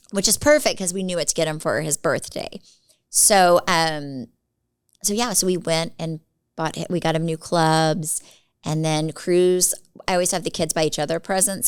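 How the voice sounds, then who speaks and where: A woman in her forties co-hosting a podcast, telling animated stories in casual chat and acting out other people's lines. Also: on the low side, clean tone, dry recording. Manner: animated storyteller acting out quotes. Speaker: podcast co-host.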